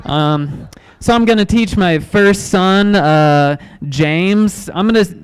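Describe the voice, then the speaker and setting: A man in his thirties doing a stand-up comedy set in a club, awkward and self-deprecating, halting with ums and restarts. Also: high-pitched, a little hiss or hum, low-quality recording. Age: 30s.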